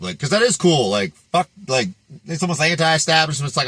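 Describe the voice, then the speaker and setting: A man tears into a rant, cursing freely and mocking as he goes. His voice is bright and pushed hard, recorded close and dry with no room sound. He laughs between lines, half amused at his own anger. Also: on the high side, expressive, quick pace, no echo. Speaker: fitness vlogger. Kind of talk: profane rant.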